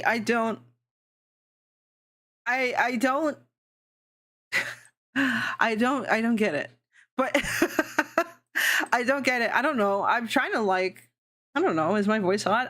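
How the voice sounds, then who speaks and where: A woman streamer in casual live-stream chat, rambling, swearing and laughing often, her pitch jumping around. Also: a bit bright.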